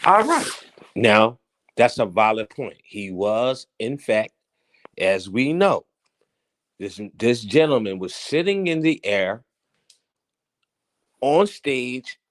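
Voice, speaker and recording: A man hosting a casual current-events commentary, teasing and theatrical, swinging between loud outbursts and hushed asides. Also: medium pitch, sing-song, slow, long pauses. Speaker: host.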